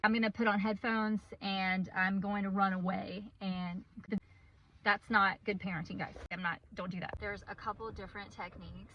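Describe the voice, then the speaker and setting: A woman's voice: mid-range voice, pushed and bright, lo-fi sound, slight background noise. A woman and parent giving a comedic, sarcastic, self-deprecating monologue about raising her son.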